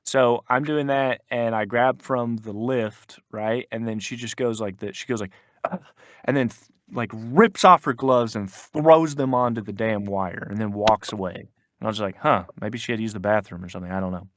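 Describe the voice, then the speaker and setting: A man's voice: fairly low pitch, moderate pace, no echo, studio quality. A young man co-hosting a podcast, telling a work story in casual chat with lots of restarts and fillers. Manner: rambling, many restarts, quotes people in put-on voices. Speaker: podcast co-host.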